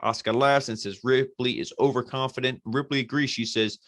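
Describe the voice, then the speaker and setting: A man's voice: medium pitch, steady tone, fairly quick, fairly bright tone, dry recording. A man hosting a podcast, recapping a show casually in a blunt, profane, exasperated way. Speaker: podcast host reviewing wrestling.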